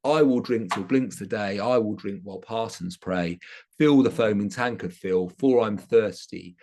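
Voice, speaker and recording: A man's voice: fairly low pitch, moderate pace, dark tone. A man reading out the lines of a drunk, defiant man singing a drinking song in a rowdy sing-song way.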